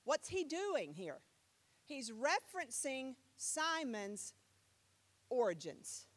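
A woman preaching with a high, lively voice that swoops up and down. She takes her time and plays with the crowd, repeating phrases over and over to drive a point home. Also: takes it slowly. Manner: playful, repeats phrases for emphasis. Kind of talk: sermon teaching.

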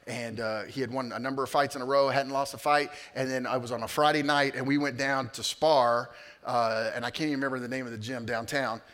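Man preaching in a reverberant hall. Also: medium pitch. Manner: conversational preaching, swings from hushed to loud. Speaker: pastor. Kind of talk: sermon.

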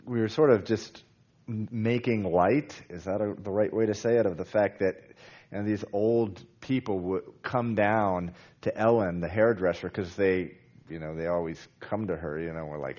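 A deep-voiced man preaches a sermon on a Bible passage at a moderate pace, his darkish tone recorded with the highs cut off. He speaks conversationally, full of fillers and restarts, and grows more emphatic as he goes.

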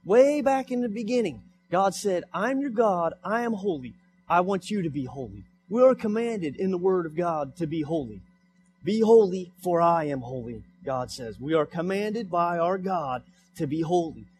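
Young man, pastor, sermon, higher voice, faint music behind. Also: big pitch swings, normal speed. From United States. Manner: preaching with rising emphasis, repeating scripture. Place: church sanctuary.

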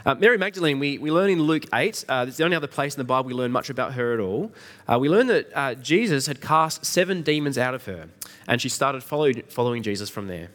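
A man's voice: mid-range voice, expressive, fast talker, fairly bright tone. A middle-aged man preaching an Easter sermon in a conversational way, asking the congregation questions. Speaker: pastor.

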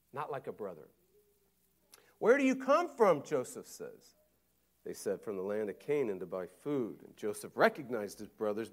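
A male pastor preaching conversationally, acting out Bible voices with lively emphasis. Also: on the high side. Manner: animated, conversational, acts out quotes. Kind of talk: sermon.

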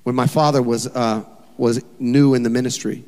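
A man's voice: mid-range voice, normal speed. Emphatic male pastor in a reverberant hall. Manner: animated, emphatic, rhetorical questions. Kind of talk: sermon.

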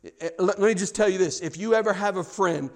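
High-pitched guy preaching, chatty sermon, trips over words, goes from quiet to loud. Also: brisk. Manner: conversational preaching, swings from hushed to loud; stumbles and repeats words. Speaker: pastor.

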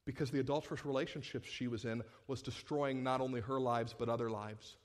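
A pastor preaching a sermon, full of rhetorical questions and swinging between loud bursts and hushed tones. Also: male voice, mid-range voice, fairly even intonation, a little fast.

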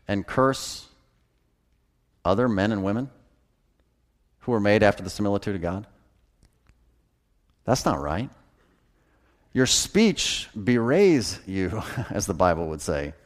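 A pastor in the middle of a sermon, folksy and lively. His voice swoops up and down constantly, and he chuckles along at his own jokes. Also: lowish voice, unhurried, long pauses.

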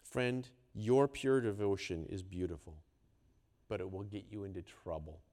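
A man preaching a sermon, swinging between hushed, quiet lines and loud, emphatic ones. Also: low-pitched, moderate pace. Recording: long hall reverb.

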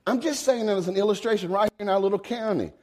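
A man, preaching a folksy sermon. He swings from low asides to high, emphatic exclamations. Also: very fast, a little mellow. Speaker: pastor.

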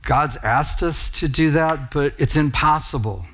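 A man with a fairly high voice delivers a sermon in a church. He talks like a pastor chatting with his congregation, casual and storytelling. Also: unhurried, fairly bright tone. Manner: casual, conversational storytelling with laughs. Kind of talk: sermon with personal stories.

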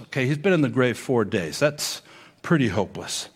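A man's voice: mid-range voice, animated, normal speed, breathy edge. A male pastor preaching a sermon in a conversational way, reading scripture aloud and checking in with "okay".

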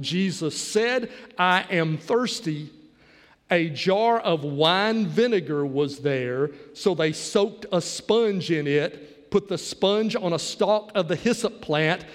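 Male preacher, high register, sermon and scripture reading, long church-hall reverb. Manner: reads scripture aloud, leads the congregation in call-and-response.

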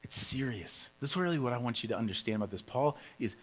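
A man's voice: medium pitch, animated, fast. A man preaching a casual teaching sermon, conversational and emphatic, acting out quotes with a raised voice.

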